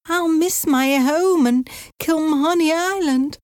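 A woman voicing a frightened, fretful elderly aunt in an audiobook, pleading in a high, trembling voice. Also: slow pace, darkish tone, no room sound, clean studio sound. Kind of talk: audiobook character voice.

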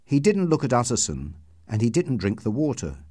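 Lively male storybook narrator. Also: on the low side, normal speed, no echo, studio quality. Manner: expressive, acts out dialogue. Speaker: audiobook narrator.

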